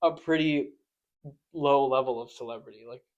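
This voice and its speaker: A young man co-hosting a podcast in casual chat, chiming in quickly with wry jokes. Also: mid-range voice, highs cut off. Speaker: podcast co-host.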